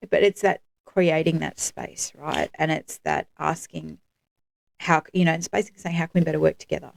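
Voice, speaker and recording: A woman's voice: sits low, fairly even intonation, brisk, vocal fry, a little hiss or hum. A woman co-hosting a podcast, chatting casually with lots of fillers and easy laughter. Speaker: podcast co-host. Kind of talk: casual chat.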